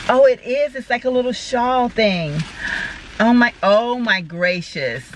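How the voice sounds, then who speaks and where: A woman's voice: on the high side, lively intonation, measured pace. A woman, talking casually and effusively to her viewers as she unboxes gifts, full of exclamations and heartfelt thanks. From Texas. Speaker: vlogger. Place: parked car. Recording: car with road noise.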